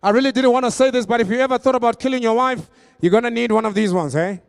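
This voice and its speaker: A man auctioning vans with a very high, smooth, clear voice. He races through the bids in a breathless chant, then slows down to crack jokes and hype each vehicle to the buyers. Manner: joking, high-energy patter with rapid-fire bidding calls. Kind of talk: rapid auction chant and sales patter.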